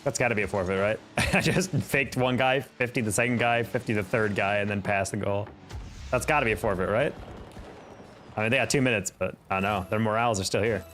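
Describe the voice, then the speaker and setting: A young man with a lowish, fairly bright voice live-streams a game, talking fairly quickly over faint background music. He chats casually, reacts to plays, and reads his chat aloud.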